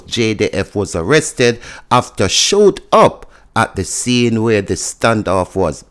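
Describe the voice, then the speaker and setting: A man with a Jamaican accent giving a chatty news review, mixing patois into standard English. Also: medium pitch. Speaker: news commentator.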